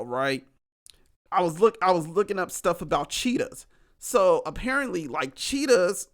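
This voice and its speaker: Profane, gravelly-voiced man ranting on a podcast. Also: on the high side. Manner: profane, animated, laughing asides, addresses listeners as y'all. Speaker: podcast host. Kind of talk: casual solo podcast rant.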